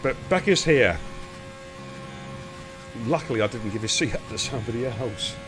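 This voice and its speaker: A man leading the commentary on an online racing league stream. His voice sits at an ordinary middle pitch, and he keeps up a teasing, chatty patter between lap times. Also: expressive, moderate pace. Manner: chatty, teasing, greets viewers. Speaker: lead commentator and host. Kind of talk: live sim racing commentary.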